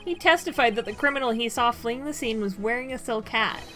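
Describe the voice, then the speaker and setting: A woman's voice: on the high side, a little fast, pushed and bright, soft background music. A young woman streamer chatting and laughing playfully while reading game lines aloud. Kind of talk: casual chat while playing a game.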